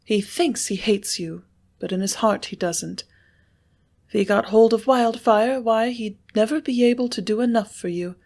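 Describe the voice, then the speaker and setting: A woman voicing a passionate young ranch woman in an audiobook, speaking in a tremulous, halting, breathless way. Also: a little high, a little mellow, pitched above the performer's own voice. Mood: insistent. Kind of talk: audiobook character reading.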